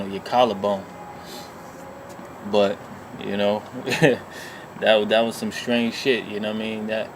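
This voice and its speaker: A man spins a long personal story in a casual vlog. His voice sits low, and his talk rambles along, profane and full of filler phrases. A faint noise runs behind him. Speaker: vlogger.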